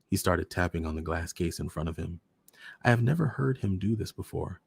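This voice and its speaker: A man reading a short story aloud as the host of a storytime show, measured and deliberate. His voice is very deep, with a gravelly fry and a husky edge. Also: expressive, no echo, clean studio sound.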